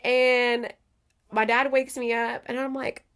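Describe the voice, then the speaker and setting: A woman guest on a podcast, telling stories in a lively, blunt way with laughter and casual swearing. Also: on the high side, slow, clear, resonant tone. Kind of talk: casual interview chat.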